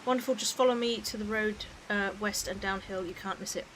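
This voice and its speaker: A woman voicing a humble fishing villager, reading the game text aloud in a low, soft tone. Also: fairly even intonation, brisk, background noise, natural voice. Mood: earnest. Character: humble fisherfolk villager, wary and plain-spoken.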